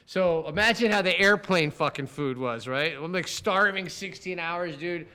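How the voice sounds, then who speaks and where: Brief: bright, higher-voiced middle-aged man, podcast co-host, animated, swears a lot. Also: moderate pace, smooth. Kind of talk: casual storytelling chat.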